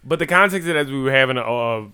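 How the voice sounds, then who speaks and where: A young man in casual podcast chat, loud and animated, swearing freely. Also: medium pitch, rapid-fire, clean tone.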